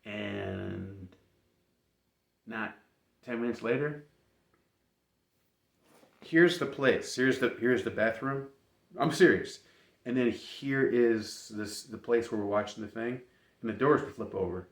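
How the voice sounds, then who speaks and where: A man casually telling an embarrassing personal story, animated and laughing as he goes. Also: fairly low pitch, slow, gravelly, pauses often. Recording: roomy echo.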